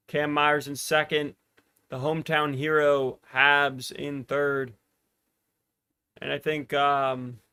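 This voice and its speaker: Smooth-voiced race commentator. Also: male voice, a little high. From United States. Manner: excited, rising with the race, chatting to live viewers. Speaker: podcast host commentating a race. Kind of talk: live watch-party race commentary.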